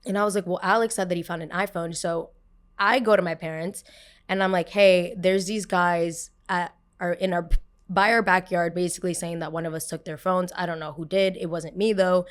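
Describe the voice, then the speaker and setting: Animated young woman telling a story. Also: moderate pace. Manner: animated, acts out quotes with raised pitch. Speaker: podcast host. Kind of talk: casual storytelling.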